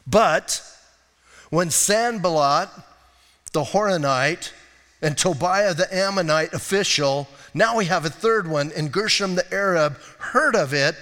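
A man preaching a sermon as pastor, casual and joking, with animated delivery. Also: sits high, measured pace, big-room sound. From United States. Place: church sanctuary.

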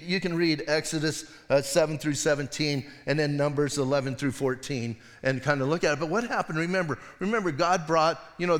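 A man's voice: fairly high pitch, fairly bright tone. Casual preaching man in a reverberant hall. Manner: casual conversational preaching, acts out voices in stories. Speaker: pastor. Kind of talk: sermon.

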